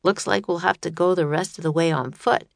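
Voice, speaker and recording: A woman's voice: on the low side, brisk, gravelly, dry recording. A woman reading a storybook and voicing a sensible, cautious young boy who talks firmly and a little sternly.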